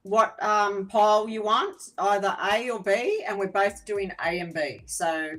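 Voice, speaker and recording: Woman, curious co-host, short questions, mid pitch, casual. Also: measured pace, fairly bright tone, low-quality recording. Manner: responsive, inquisitive, brief interjections. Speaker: tarot reader co-host. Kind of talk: casual live-stream chat.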